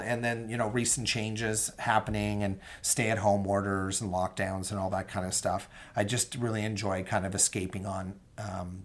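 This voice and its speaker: A young man hosting a solo podcast, chatting casually and enthusiastically with many ums and asides to his listeners. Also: fairly low pitch. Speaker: podcast host.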